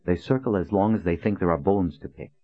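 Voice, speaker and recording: A man's voice: deep voice, brisk, husky, voice pushed up. A man reading an earnest young hero. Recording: dull lo-fi recording.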